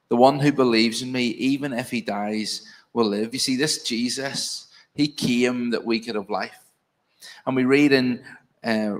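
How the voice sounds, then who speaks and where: A man with a Northern Irish accent preaching an evening sermon in a church, earnest and pastoral, speaking directly to the congregation. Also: medium pitch.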